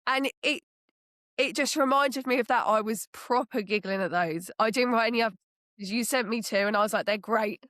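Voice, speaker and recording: A woman's voice: a little high, brisk, a bit bright, no room sound, clean studio sound. A woman from southern England with a southern English accent, co-hosting a casual podcast, chatty and teasing. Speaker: podcast co-host. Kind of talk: casual chat.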